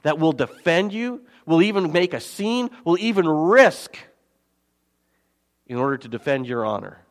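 A man preaching a sermon as pastor, swinging between loud emphasis and quiet, soft asides. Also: a little high, sing-song, measured pace. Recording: long hall reverb.

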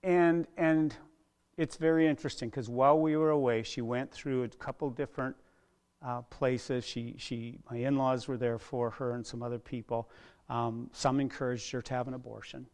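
A middle-aged man preaching a sermon as a pastor, earnest, dropping to a hush and then rising loud, often repeating words. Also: medium pitch, steady tone, normal speed. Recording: long hall reverb.

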